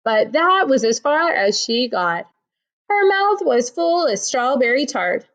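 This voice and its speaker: A woman reading a children's picture book aloud in a slow, expressive storytelling manner. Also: a little high. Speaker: storybook reader.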